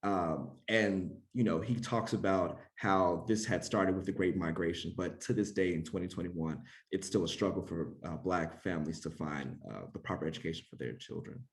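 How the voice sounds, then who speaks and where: A man's voice: sits low, normal speed, few pauses. A man, a special education administrator, speaking as a guest in a conversational interview, thoughtful and full of restarts. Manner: thoughtful, many restarts and fillers.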